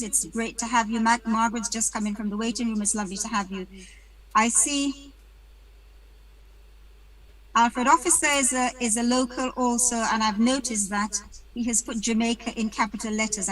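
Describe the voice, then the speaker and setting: Female webinar host from the UK, chatty and welcoming on a video call, bright tone. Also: on the high side, low-quality recording. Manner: chatty, greets attendees by name, self-deprecating jokes.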